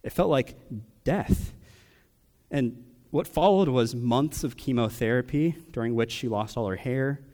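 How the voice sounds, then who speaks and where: A young adult man preaching a personal sermon, asking question after question with long pauses. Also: mid-range voice, mellow. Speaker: pastor.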